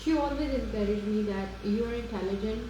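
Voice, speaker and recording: A woman's voice: a little high, fairly quick. A woman guest in casual chat, speaking hesitantly with many fillers. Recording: very echoey room with noise.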